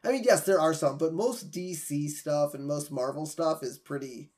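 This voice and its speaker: An easygoing man with a fairly high voice walks through story beats on a casual podcast. His talk is relaxed and conversational. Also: moderate pace. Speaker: podcast co-host. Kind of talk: casual chat.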